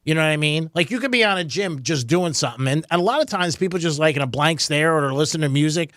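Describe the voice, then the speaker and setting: A man's voice: a little high, animated, fast, fairly bright tone, no echo, studio quality. A man co-hosting a radio talk show, emphatic and acting out the lines he imagines people saying. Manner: emphatic, acts out quoted lines. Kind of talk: casual radio chat.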